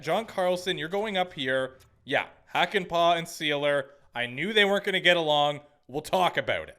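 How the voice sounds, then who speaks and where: Bright, high-voiced young gaming commentator. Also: male voice. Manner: chatty, sarcastic, talks to the screen. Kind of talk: gameplay commentary.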